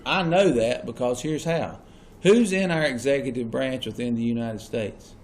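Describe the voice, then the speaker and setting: A man's voice: mid-range voice, moderate pace. A man teaching a classroom lesson. He keeps asking the class questions and repeats the key points. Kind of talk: classroom lecture.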